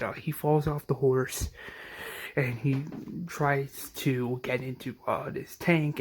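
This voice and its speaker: A man's voice: medium pitch, darkish tone, slight background noise. A man casually retelling a TV episode scene by scene, rambling with many restarts and hesitations. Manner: rambling, heavy on fillers and restarts. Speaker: episode recapper.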